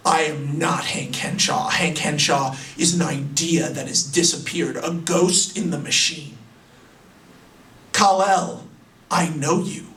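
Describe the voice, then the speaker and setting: A man's voice: a little high, takes it slowly, fairly bright tone, echoey room, recorded from a distance. A man voicing a cold, grandiose male computer intelligence that declaims its power. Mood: menacing.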